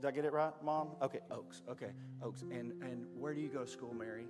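A fast-talking man with a medium-pitched voice narrates a story and directs a children's skit, speaking into a handheld mic. Playful and encouraging, he laughs often. The recording carries long hall reverb and faint background music.

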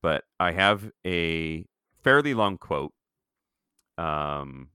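Deep-voiced man in casual podcast chat. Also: drawn-out words, clean tone, dry recording, studio quality. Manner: relaxed, chatty, many "like" fillers. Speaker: podcast co-host. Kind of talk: casual chat, reading a long quote aloud.

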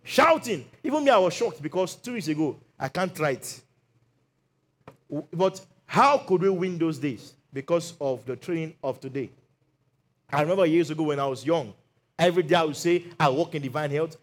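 A man's voice: a little high, expressive, brisk. A middle-aged Nigerian man preaching a sermon as lead pastor, leading the congregation in call-and-response declarations.

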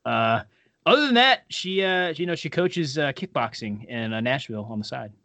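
A man's voice: medium pitch, expressive, normal speed, pushed and bright, no room sound. A man co-hosting a podcast, chatting casually with loose, profane joking asides. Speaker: podcast co-host. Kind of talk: casual chat.

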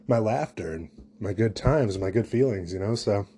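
A man's voice: fairly low pitch, moderate pace, dark tone, slightly rough. A young man, a new father, hosting a solo comedy podcast in a rambling, jokey, self-deprecating way. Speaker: podcast host.

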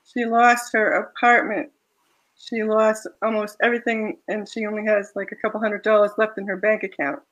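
A woman author reading her own romance fiction aloud in a soft, measured way, then chatting about the story. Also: mid-range voice, little pitch movement, lo-fi sound.

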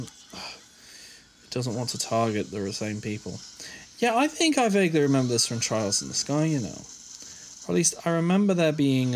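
A man's voice: medium pitch, gravelly, slight background noise. A man swearing and muttering through casual commentary as he plays a game. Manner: sweary, animated, mutters under his breath. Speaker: gamer.

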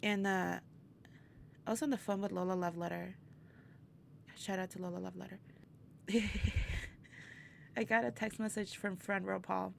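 A woman tells a story as an interview guest, her voice carrying a gravelly edge. She is animated, laughing often and acting out other people's lines. A faint hiss sits under the recording. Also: medium pitch, moderate pace, pauses often. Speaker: interview guest, burlesque performer. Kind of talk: casual storytelling chat.

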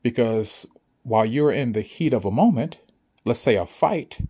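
A man's voice: medium pitch, expressive, normal speed, dark tone, slightly rough. A man speaking to listeners in an emphatic, preachy monologue, often asking if they understand. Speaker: spiritual speaker. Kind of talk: motivational monologue to an audience.

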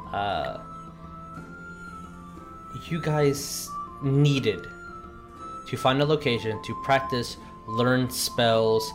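A man narrating as game master, recapping a tabletop game session in a slow, halting way with many pauses. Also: mid-range voice.

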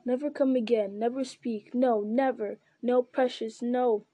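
A woman's voice: a little high, steady tone, a little slow, dark tone, no echo. A woman voicing a wretched, whining male creature who pleads and repeats himself. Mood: pleading. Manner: whimpering, repetitive pleading.

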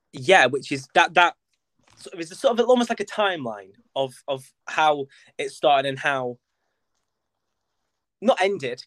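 Chatty young man with a bright voice. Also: a little high, dry recording. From North West England. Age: young adult. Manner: chatty and self-mocking, lots of ums and likes. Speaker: guest, theatre performer. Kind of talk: casual interview chat.

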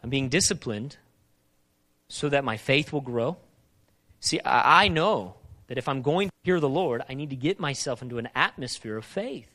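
A man preaching a sermon, asking emphatic repeated questions and moving between urgent loud passages and quieter reflective talk. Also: mid-range voice, expressive, moderate pace. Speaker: pastor.

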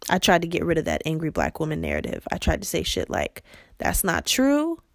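A young woman hosting a podcast, delivering a blunt, profane, impassioned monologue that swings between yelling and quiet intensity. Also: sits low, big pitch swings, fast talker, gravelly, dry recording, clean studio sound. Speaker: podcast host.

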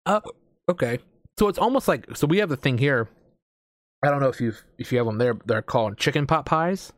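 A man's voice: mid-range voice, animated, fairly quick, dry recording, clean studio sound. An American man in casual chat as a host, rambling with lots of fillers and casual swearing. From United States.

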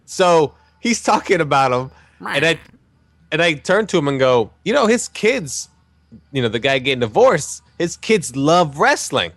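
A man hosting a casual podcast, telling a story with lots of swing in his pitch. His voice sits a little high for a man. The sound is close and dry, with no room around it. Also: unhurried, no echo. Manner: animated, swearing, jokey anecdote-telling. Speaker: podcast host.

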